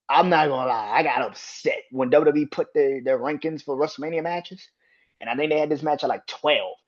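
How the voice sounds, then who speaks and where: Excitable profane man, lo-fi podcast. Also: medium pitch. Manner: excitable, profane, laughs and gets loud when worked up. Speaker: podcast host. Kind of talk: casual solo podcast monologue.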